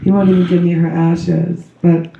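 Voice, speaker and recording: A middle-aged woman with a loud voice gives a slow, earnest memorial tribute to her daughter. She speaks religiously and wanders into asides as she recites a poem. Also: fairly low pitch, flat delivery, creaky, a little hiss or hum. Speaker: grieving mother giving a memorial tribute. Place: memorial gathering in a large room. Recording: echoey hall, distant dull mic.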